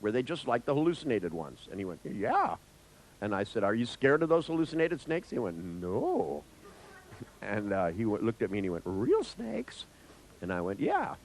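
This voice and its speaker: A man telling a story in a lecture, with a voice that leaps from low to high as he acts out every part. He sits at a medium pitch, swears freely and laughs at his own tale. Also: low-quality recording. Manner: animated, acts out voices with big pitch jumps.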